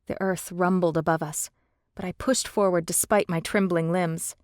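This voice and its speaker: A woman narrating a fantasy audiobook in the first person, steady and measured, on a close studio mic. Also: lowish voice, no echo.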